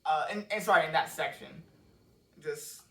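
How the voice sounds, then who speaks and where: Dude breaking down his own lyrics, loose and rambly, swears a lot, slightly high voice, roomy echo. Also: moderate pace, fairly bright tone. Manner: loose, rambling, curses freely. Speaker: songwriter explaining his lyrics. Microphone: cheap microphone with laptop and phone. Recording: roomy echo, mic set far off.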